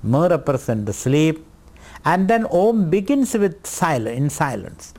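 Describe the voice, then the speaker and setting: A man giving a spiritual lecture on scripture, teaching in a deliberate, repetitive way. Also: fairly high pitch, very animated, a little mellow. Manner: slow, deliberate teaching with repetitions and light laughter.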